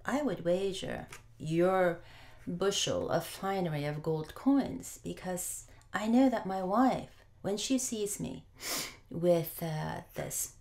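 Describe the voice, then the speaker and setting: A woman's voice: fairly low pitch, lively intonation, slow pace, a little mellow. A woman preacher voicing a good-natured peasant farmer husband, talking earnestly and a little pleased with himself. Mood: confident.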